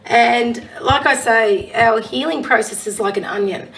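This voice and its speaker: A woman with a husky voice, a psychic medium giving a casual oracle card reading and reading affirmations aloud. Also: fairly high pitch, unhurried, far from the mic, poor audio. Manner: chatty, warm-hearted encouragement, reads affirmations aloud.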